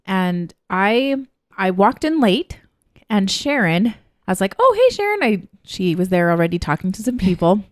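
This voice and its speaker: A woman's voice: medium pitch, a little slow, no echo, studio quality. A woman co-hosting a casual podcast, telling stories in a chatty way and acting out what people said. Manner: chatty storyteller, acts out quotes. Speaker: podcast co-host. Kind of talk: casual chat.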